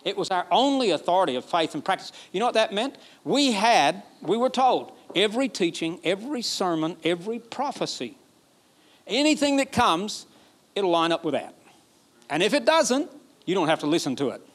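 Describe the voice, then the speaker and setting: A man from Alabama, preaching a sermon emphatically, repeating phrases and building to excited peaks. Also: high-pitched, moderate pace. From Alabama, USA. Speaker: pastor.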